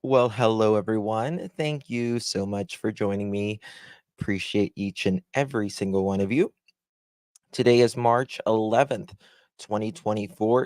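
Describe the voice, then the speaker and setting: Slow, low-voiced man chatting on a live stream. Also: a little mellow, no echo. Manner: greets viewers by name with pet names. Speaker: true crime live-stream host. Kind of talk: casual live-stream chat. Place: room at home with blinds closed.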